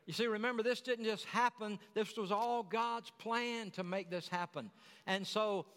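A man's voice: high voice, steady tone, moderate pace, fairly bright tone, long reverb tail. A man preaching a sermon, telling the story in a folksy way with chatty asides.

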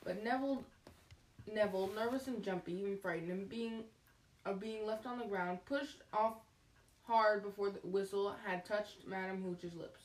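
A woman reading a novel aloud in a lively, expressive way, often correcting herself, recorded at a distance in a roomy space. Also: medium pitch, moderate pace. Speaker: reader. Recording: roomy, distant mic, faint noise.

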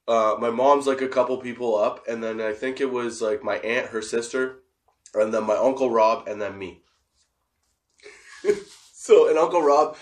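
A man in his forties telling a comic personal story, laughing often and swearing between rambling asides. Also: medium pitch.

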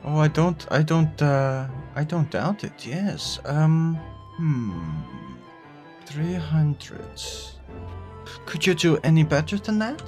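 A man's voice: on the high side, lively intonation, slow pace, a little mellow, faint music behind. A man playing a tabletop game, playful and hedging with fillers. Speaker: player. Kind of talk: casual tabletop game play.

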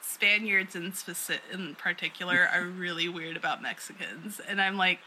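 A woman's voice: lowish voice, moderate pace, sharp tone, a little hiss or hum, rough recording. A woman co-hosting a podcast in casual chat, rambling and laughing often. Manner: chatty, rambling, with frequent "like" and laughs.

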